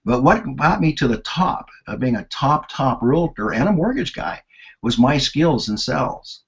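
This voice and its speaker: An older man in his sixties leads a sales and marketing lesson with a husky, slightly rough voice. His delivery is lively and anecdotal, rising and falling as he tells stories. The sound is dull and lo-fi, like webinar audio. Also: mid-range voice, measured pace. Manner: animated, anecdotal storyteller. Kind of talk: storytelling lesson.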